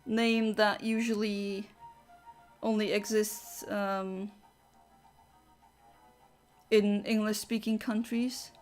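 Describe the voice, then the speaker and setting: A woman chatting casually with her viewers during a game livestream, rambling and answering chat. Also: mid-range voice. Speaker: streamer.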